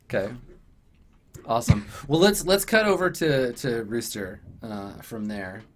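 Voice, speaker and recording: A man's voice: medium pitch, big pitch swings, measured pace, slight background noise. A man running a tabletop role-playing game in a casual, easygoing way. He talks loosely, with plenty of fillers and the odd laugh. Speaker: game master.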